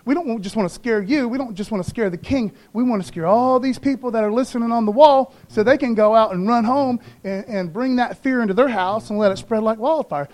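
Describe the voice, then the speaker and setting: A man's voice: very high-pitched, a little fast, few pauses, darkish tone. A man voicing a boastful, swaggering Assyrian envoy who taunts in slang during a sermon. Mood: taunting.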